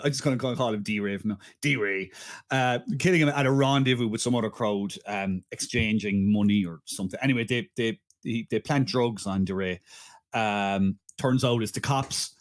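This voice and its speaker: A man hosting a comedy film podcast, summarizing a bad movie in a rambling, joking way, often restarting sentences. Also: mid-range voice. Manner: rambling, stumbling restarts, frequent laughter. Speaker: podcast host. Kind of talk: casual comedic podcast chat.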